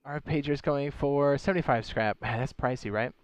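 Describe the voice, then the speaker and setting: A man with a middle-pitched voice talks in a loose, chatty way as he explains a game step by step. He breaks off to answer viewers' questions and tosses in goofy jokes. The sound is dry and close, with no room echo. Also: a little fast. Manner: chatty, explains step by step while reading chat questions aloud; playful asides and goofy sound effects. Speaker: game streamer. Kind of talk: casual live-stream game tutorial.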